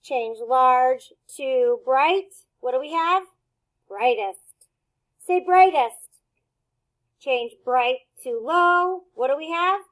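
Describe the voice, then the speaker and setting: A woman teacher runs a phonics lesson for young children. Her voice sits high, and she says each word slowly and with great care. Her tone stays cheerful and encouraging throughout. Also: fairly bright tone, low-quality recording. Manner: slow, clear, over-enunciated word drills.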